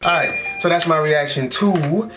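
A man giving casual, excitable reaction commentary as an anime reaction YouTuber, full of slang and quick exclamations. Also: fairly high pitch. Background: anime episode audio with music.

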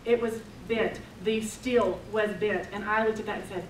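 A middle-aged woman giving a storytelling sermon at a retreat, animated and acting out the dialogue in her stories. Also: mid-range voice, moderate pace, few pauses. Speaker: retreat speaker. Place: retreat meeting room. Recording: echoey hall, distant mic, background noise.

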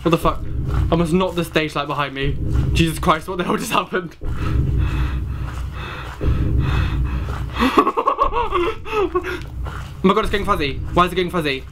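A man's voice: on the high side, quick pace, noisy background. A young man commenting on a horror game he is playing, jumpy and panicky, exclaiming and swearing often. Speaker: gaming channel host.

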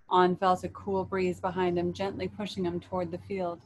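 A woman leading a children's story and meditation, reading aloud in a gentle, soothing way. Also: lowish voice, monotone, moderate pace, few pauses, a little hiss or hum, rough recording.

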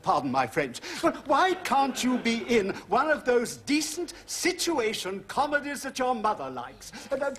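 A man's voice: extremely high pitch, huge pitch swings, measured pace, few pauses, fairly bright tone, heavily acted. An actor playing a pompous, blustering middle-aged father with a British accent. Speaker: sitcom character.

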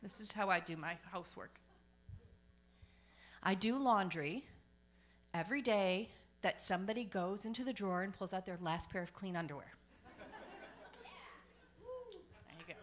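Woman, stand-up comic, bright clear voice, chatty, self-deprecating, comedy club stage. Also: fairly low pitch, brisk, slight background noise.

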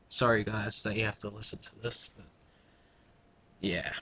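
A man's voice: on the low side, steady tone, normal speed, pauses often, bright, forceful tone, slight background noise. A man giving casual gameplay commentary, rambling through mumbled asides to his viewers. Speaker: let's play gamer.

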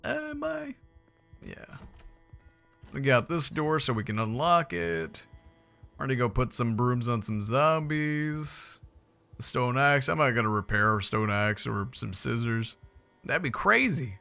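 Young male gaming streamer, bright animated delivery, excitable and jokey, faint music bed. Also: medium pitch, a little slow, vocal fry, clean tone. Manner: playful, excitable, jokey asides to viewers. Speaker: gaming YouTuber. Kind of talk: casual gameplay commentary.

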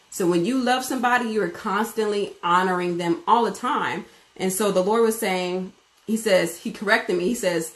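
A woman of middle pitch teaches a bible study in a relaxed, talkative way, often slipping into quoted back-and-forth with animated lifts. Her voice rings out in a noticeably echoey room. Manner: animated, conversational, acts out dialogue. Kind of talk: informal bible study message. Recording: roomy echo.

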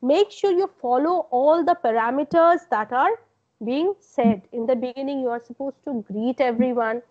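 A woman's voice: sits high, normal speed, darkish tone. A woman lecturer with an Indian English accent, giving corrective feedback over a video call and repeating her points. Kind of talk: online class feedback. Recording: dull lo-fi online call audio.

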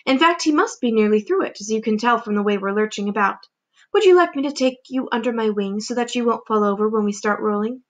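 A woman voicing a kind, gentle ladybug. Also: fairly high pitch, quick pace, natural voice. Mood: gentle reassuring.

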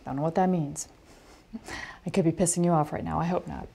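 Animated woman coaching an online class. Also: low-pitched, a little fast, creaky, breathy edge. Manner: animated storytelling with lively asides. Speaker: film industry coach. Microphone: video call.

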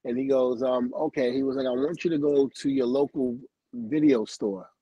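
A mid-range male voice with a breathy edge, at normal speed, comes through poor audio with no room sound. The speaker is a middle-aged livestream guest recounting his career, acting out what people said, laughing frequently and swearing.

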